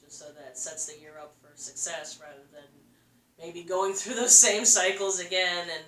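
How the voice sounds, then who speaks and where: Woman co-host, lower pitch but bright tone, cheerful asides, distant roomy recording. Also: normal speed, a little hiss or hum. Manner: affirming, laughs often, friendly asides. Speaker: podcast co-host. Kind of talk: casual chat. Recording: roomy, distant mic, faint ambience.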